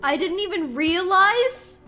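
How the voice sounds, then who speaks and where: Giggly high-voiced woman streamer. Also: lively intonation, slow, pushed and bright, faint music behind. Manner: giggly, effusive, exclaims often. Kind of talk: live-stream chat with viewers.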